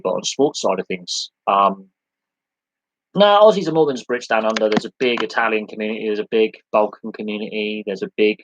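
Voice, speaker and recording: A man's voice: on the low side, fairly bright tone, no room sound, poor audio. A man hosting a live sports podcast Q&A, talking in a rambling, conversational way with many restarts and long lists. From United Kingdom.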